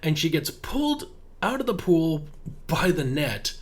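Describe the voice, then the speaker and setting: Snarky horror podcast cohost, cusses, bouncy pitch, keeps giggling. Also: big pitch swings, measured pace, slightly rough. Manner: sarcastic, profane, giggly. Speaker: podcast co-host. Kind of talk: casual movie-recap chat.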